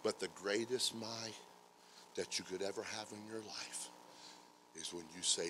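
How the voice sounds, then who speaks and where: A male pastor preaching a sermon, swinging from hushed, stammering storytelling to loud, shouted praise. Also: on the low side, fairly even intonation, measured pace, slight background noise, low-quality recording. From United States. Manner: stammering restarts when storytelling. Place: church sanctuary.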